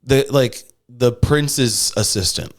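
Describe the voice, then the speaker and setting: A man's voice: mid-range voice, animated, slow pace. A young man, a stand-up comic, chatting casually on a podcast, rambling and swearing, sometimes putting on voices. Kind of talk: casual chat.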